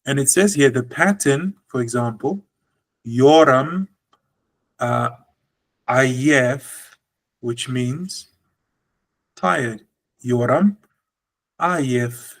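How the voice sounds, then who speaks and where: A man's voice: medium pitch, extremely slow, long pauses, low-quality recording. A man teaching a language lesson, explaining patiently and drawing out example words.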